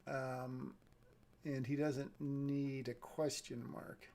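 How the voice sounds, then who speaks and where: A man's voice: mid-range voice, little pitch movement, drawn-out words, a little mellow, slight background noise. A man reading a screenplay on a live stream and thinking aloud about it, often hedging and correcting himself. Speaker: script reader giving feedback.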